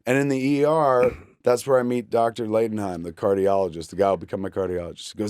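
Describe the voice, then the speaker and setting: A man's voice: on the low side, fairly even intonation, quick pace, a little mellow, clear, resonant tone, dry recording, clean studio sound. A man in his forties telling a comic story as a guest on a chat show, acting out every person he quotes.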